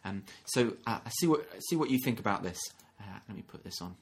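A man giving a gentle, reflective sermon, often restarting phrases and acting out short quotes. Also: fairly low pitch, expressive, a little fast, husky. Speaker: minister.

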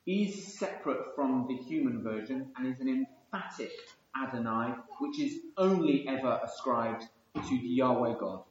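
A man teaching an evening Bible study, explaining at length and thinking aloud with frequent ums and restarts. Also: a little high. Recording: very echoey room, dull lo-fi sound.

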